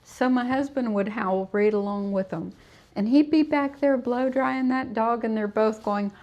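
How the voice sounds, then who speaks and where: Working in a grooming salon, a middle-aged dog groomer keeps up casual livestream chatter, soothing the animal and telling stories. She speaks unhurriedly in a slightly high, somewhat mellow voice, and the audio is dull.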